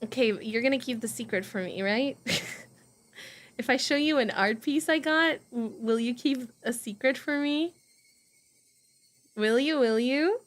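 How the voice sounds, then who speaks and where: Brief: rambling giggly woman, chatty streamer, somewhat high voice. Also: moderate pace. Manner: giggly, rambling, easily sidetracked. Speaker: voice acting streamer. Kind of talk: casual chat.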